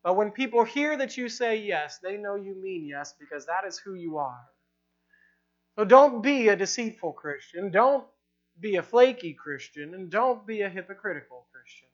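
A woman preaching a sermon, stressing points by repeating lines and slowing into prayer. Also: mid-range voice, lively intonation. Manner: emphatic, repeating lines for effect; ends in prayer with slow, drawn-out phrasing. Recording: dull, lo-fi recording.

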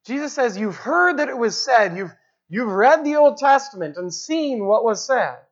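Preacher, expository sermon, explanatory, repeats phrases for emphasis, mid pitch, dull lo-fi recording. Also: animated, normal speed.

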